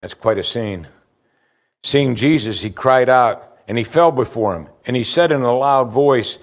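A man preaching a sermon, reading scripture aloud and explaining it with emphatic rises and quiet low asides. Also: a little slow. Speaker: pastor.

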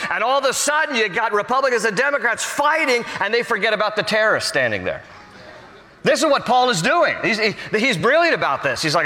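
A man preaching a sermon as pastor, animated and acting out the people he quotes. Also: a little fast. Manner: animated, acts out quotes with sudden pitch jumps. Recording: preached in a hall with long reverb.

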